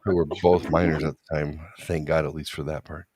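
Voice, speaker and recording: A man's voice: a bass voice, flat delivery, fairly quick, background noise. A man co-hosting an online talk show, telling crude stories in a rambling, joking way. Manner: rambling, joking, voices quoted people. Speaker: podcast co-host. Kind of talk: casual chat, crude storytelling.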